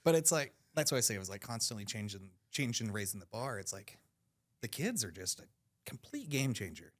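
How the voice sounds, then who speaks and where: A man chatting casually on a podcast, animated and swearing, jumping into loud high laughing shouts. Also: fairly quick.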